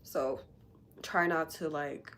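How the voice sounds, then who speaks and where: A woman with a low, deep-set voice talks candidly to her livestream viewers, rambling through fillers and casual swearing. She sounds emotional and tender from recent crying. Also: steady tone, takes it slowly, a bit bright, slight background noise. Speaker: livestream host.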